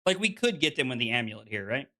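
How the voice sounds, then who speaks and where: A man's voice: mid-range voice, sing-song, fast talker, sharp tone. A man streaming a card game, chatting casually with viewers and reading their messages aloud, with lots of fillers. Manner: chatty, full of "like" fillers, reads chat aloud.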